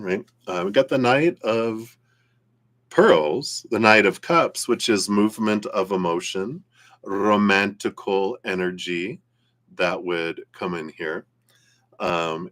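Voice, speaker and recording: A man with a very low voice gives a live tarot reading. He talks casually and wanders from thought to thought, laughing easily. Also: measured pace, fairly bright tone. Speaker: tarot reader.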